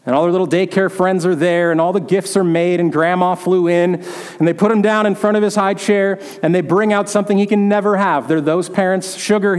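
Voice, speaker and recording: Preaching a sermon, this pastor has a high-pitched, clear and resonant voice that fills a large room. He tells stories and performs the voices of their characters.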